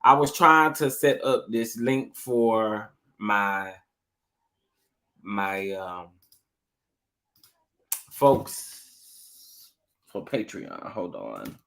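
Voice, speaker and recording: A man's voice: on the low side, drawn-out words, gravelly, pauses often. A man hosting a casual livestream, talking animatedly and repeating himself as he addresses his viewers. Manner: animated, repetitive, talks straight to the chat. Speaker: livestream show host.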